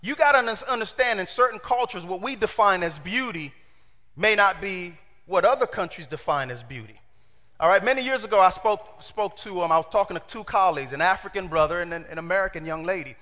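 A man preaching a sermon in an animated way, asking his congregation questions and acting out the quotes. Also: high-pitched, fairly quick, big-room sound.

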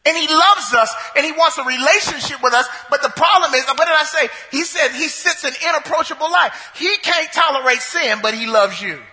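A male pastor preaching a sermon, emphatic and repetitive, building up to shouts. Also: very high-pitched, a little fast, hardly any pauses, long reverb tail.

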